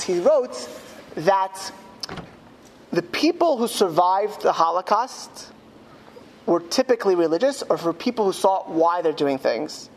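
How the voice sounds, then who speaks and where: Emphatic rabbi speaking in a school hall. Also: male voice, high voice, slight background noise. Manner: emphatic, slows down on key words. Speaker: rabbi giving a talk at a school. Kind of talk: speech to students, storytelling.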